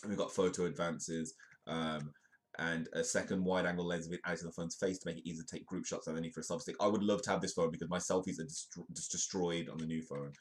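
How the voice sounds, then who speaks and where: A man's voice: low-pitched, fairly even intonation, fast. A man who is ill hosts a comedic news livestream, reading articles aloud and adding rambling, sardonic, self-mocking asides. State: ill, voice affected.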